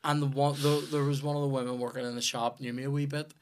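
A man's voice: medium pitch, level tone, fast talker, a little hiss or hum. A man hosting a podcast, telling a rambling, sweary story full of restarts. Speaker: podcast host. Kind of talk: casual storytelling chat.

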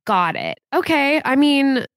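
A woman's voice: high voice, big pitch swings, a little slow, fairly bright tone, no room sound, studio quality. Young woman co-host chatting openly. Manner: reflective, outspoken, frequent fillers. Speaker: podcast co-host. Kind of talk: casual celebrity gossip chat.

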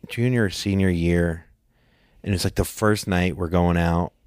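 A man's voice: low voice, measured pace, smooth, no room sound, studio quality. A man in his forties, co-hosting a podcast, telling a story in casual chat and jumping into a raised voice to act out what people said. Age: 40s. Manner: animated storyteller who acts out quotes in a raised voice. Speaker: podcast co-host.

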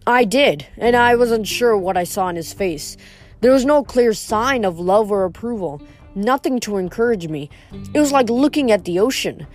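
Woman reader, steady first-person audiobook read, faint music bed. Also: mid-range voice, normal speed. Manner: steady first-person storytelling with small slips. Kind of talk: reading a novel aloud.

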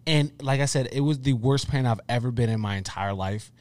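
A young man co-hosts a casual podcast, his voice sitting at an ordinary middle pitch. He tells stories animatedly and repeats himself to drive a point home. The sound is dry and close to the mic. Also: fairly quick, darkish tone, dry recording. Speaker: podcast co-host. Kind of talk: casual chat.

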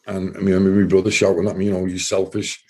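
A man, a former soldier, giving halting, emotional testimony as an interview guest and often repeating his words. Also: sits low, flat delivery, a little mellow, slightly rough.

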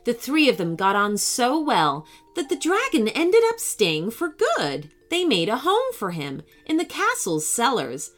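Animated woman reading a children's story. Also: mid-range voice. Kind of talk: scripted children's story narration.

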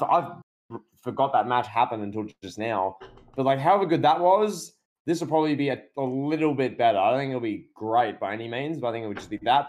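A man co-hosting a podcast in casual chat, excitable and riffing with plenty of "like". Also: mid-range voice. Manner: excitable, riffs with lots of "like" and laughter. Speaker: podcast co-host.

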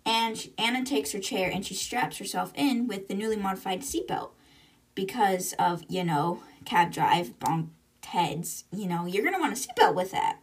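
A young woman hosts a casual book podcast, recapping chapters in a chatty way and tossing in side comments. Her voice is husky and she sits a little back from the microphone. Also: mid-range voice, moderate pace, far from the mic. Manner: chatty, retells with asides. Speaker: podcast host.

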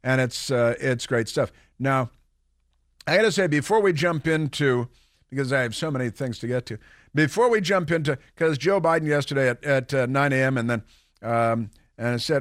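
A man's voice: medium pitch, expressive, moderate pace, no echo, studio quality. A man hosting a political talk radio show, rambling and sarcastic, with mocking asides.

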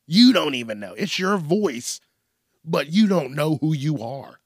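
A male podcast host talks through the week's news in a loose, comedic ramble. He swears freely and jokes about himself. His delivery is slow and unhurried, and the sound is dry and close. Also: fairly high pitch, expressive, no echo. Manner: rambling, profane, self-mocking. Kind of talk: casual comedic news commentary.

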